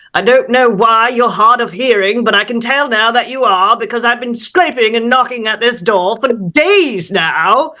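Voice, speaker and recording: A woman voicing a tiny, fussy male vampire mouse gentleman with a British accent, prim and overly polite. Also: on the high side.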